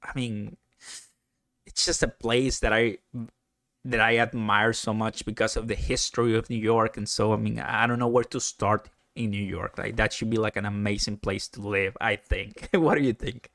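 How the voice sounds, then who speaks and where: A man hosting a casual live stream, chatting excitedly, laughing often and answering viewer comments. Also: on the low side, normal speed, no echo, studio quality.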